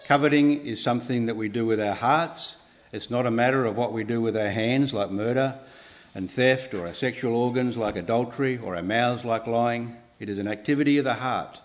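A man delivers a sermon at a mid-range pitch. He speaks earnestly and measuredly, sometimes restarting a phrase, and lifts his voice to stress key words. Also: a little fast. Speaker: preacher.

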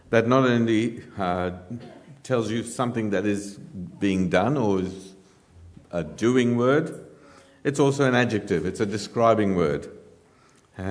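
Low-voiced male preacher. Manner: measured teaching tone, frequent "uh" fillers, dry humour. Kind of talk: sermon.

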